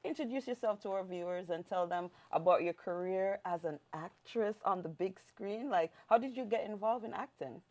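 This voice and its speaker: A woman's voice: medium pitch, normal speed, few pauses, a little mellow. A woman hosting an interview show, giving bubbly, emphatic introductions to her guest. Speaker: show host.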